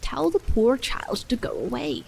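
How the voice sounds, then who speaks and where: A woman voicing a weary, disfigured middle-aged husband in whispered role-play, hushed and dull. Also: high voice, expressive, a little slow, gravelly, a little hiss or hum, full character voice.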